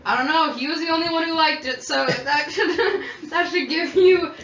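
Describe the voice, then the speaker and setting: A woman's voice: high-pitched, moderate pace, a bit bright, a little hiss or hum, voice pushed up. A woman voicing a chatty young townswoman who dabbles in magic, rambling on with plenty of fillers. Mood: gossipy. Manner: rambling, gossipy, lots of fillers. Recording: dull, roomy home recording.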